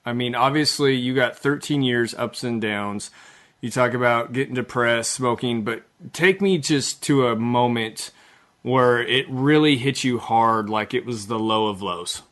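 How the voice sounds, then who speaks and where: Relaxed male podcast host. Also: mid-range voice, unhurried. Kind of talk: casual interview.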